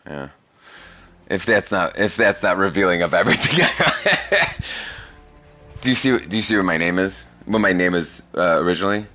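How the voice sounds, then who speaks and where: A young man with a low but bright, forceful voice that swings widely in pitch. He chats crudely and profanely, rambling and laughing, over faint background music. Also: animated, normal speed, long pauses. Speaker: streamer chatting with a young viewer. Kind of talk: casual chat.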